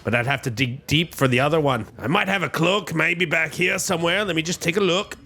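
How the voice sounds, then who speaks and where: A man's voice: a little high, brisk, noisy background, voice pushed up, close to an everyday voice. A man voicing an old male dwarf shopkeeper with a hearty put-on Scottish brogue, full of "aye" and "laddie". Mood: folksy.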